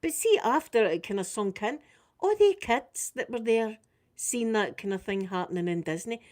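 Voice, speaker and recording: A Scottish woman talks casually while doing her makeup for an ASMR video. Her voice is soft, fairly high and animated, and she speaks quickly, laughing often.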